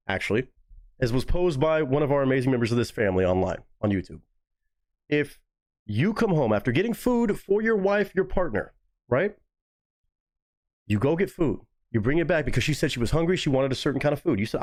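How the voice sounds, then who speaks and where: A man hosts a live stream, casually reacting to chat comments with swearing and high-pitched mocking asides. His voice is a little mellow.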